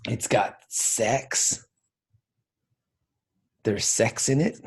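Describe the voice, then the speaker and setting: A man hosting a podcast in casual, jokey chat, animated and quick to joke. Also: mid-range voice, husky. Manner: animated, jokey, breaks into singing. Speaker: podcast host.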